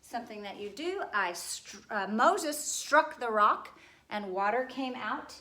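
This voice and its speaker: A woman gives a patient spelling lesson to young children in a fairly high voice. She sounds out each word and spells it letter by letter. The room around her is echoey. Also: lively intonation, a little slow, bright, forceful tone. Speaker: second grade teacher.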